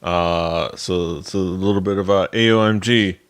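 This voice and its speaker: A man with a very low, deep voice chats loosely on a music podcast. He rambles, trips over his words and circles back with plenty of uh's and likes. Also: fairly even intonation, normal speed, clean tone. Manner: rambling, lots of fillers and restarts. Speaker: podcast co-host. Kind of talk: casual chat about music.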